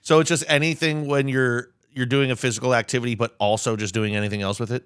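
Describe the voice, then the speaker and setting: A man co-hosting a podcast in casual chat, full of crude jokes and quick comebacks. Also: mid-range voice, fairly even intonation, fairly bright tone, smooth, dry recording, studio quality. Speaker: podcast co-host.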